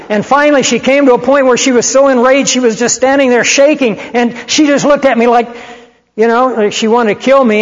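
High-voiced man preaching in a reverberant hall. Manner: animated, conversational storyteller. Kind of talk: sermon with storytelling. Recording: muffled hall recording with long reverb.

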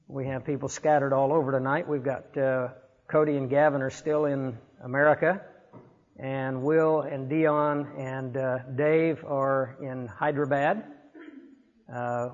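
A pastor giving church announcements and prayer requests, speaking unhurriedly with frequent hesitations. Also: male voice, mid-range voice. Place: church meeting hall. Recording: dull lo-fi tape with long hall reverb.

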